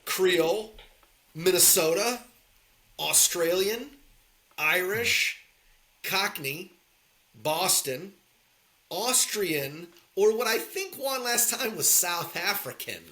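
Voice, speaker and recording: A man co-hosting a casual podcast, bright and slightly high-pitched. His speech moves in lively pitch swings and he repeats lines for emphasis. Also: takes it slowly, pauses often. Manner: animated, repeats himself for emphasis. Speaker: podcast co-host. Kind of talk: casual chat.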